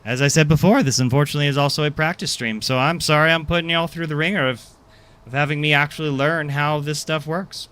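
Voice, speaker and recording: A man's voice: fairly high pitch, fairly even intonation, fast talker, a bit bright, clean tone. A man streaming a game, chatting casually with his viewers in a rambling, self-deprecating way. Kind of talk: casual live-stream chat.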